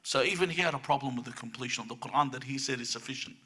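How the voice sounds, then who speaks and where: A man's voice: medium pitch, very fast, bright, forceful tone, slightly rough. A man giving a religious lecture to a live audience in a room, driving his points home with emphatic rhetorical questions.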